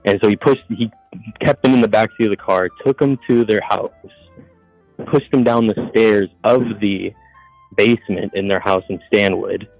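A man's voice: fairly low pitch, steady tone, normal speed, vocal fry, darkish tone, no echo, faint music behind, low-quality recording. A man calling in to a show, telling a long story in a casual, profane, rambling way and acting out what others said. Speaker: caller.

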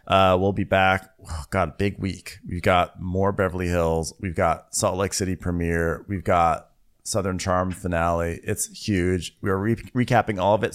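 A man co-hosting a podcast, wryly recapping a reality show with gossipy, squeaky impressions. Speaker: podcast co-host. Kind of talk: casual recap chat.

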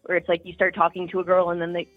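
A woman's voice: fairly low pitch, monotone, very fast, no room sound, faint music behind. A young Canadian woman calling in to a podcast, candid and chatty as she tells her story. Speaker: caller. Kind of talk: casual phone-in chat. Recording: tinny phone line.

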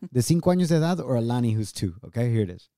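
A man's voice: medium pitch, very animated, rapid-fire, mellow, dry recording. A man in his thirties hosting a show from his home studio, talking earnestly and emotionally and slipping Spanish phrases into his English. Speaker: show host. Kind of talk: heartfelt casual chat.

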